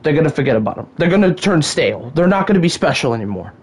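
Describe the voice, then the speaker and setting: A woman hosts a solo rant podcast in an exasperated tone, often sighing and stumbling over her words. Her voice is husky, and her pitch swoops widely between highs and lows. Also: big pitch swings, rapid-fire, darkish tone. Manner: exasperated ranting, sighs and stammers. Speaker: podcast host.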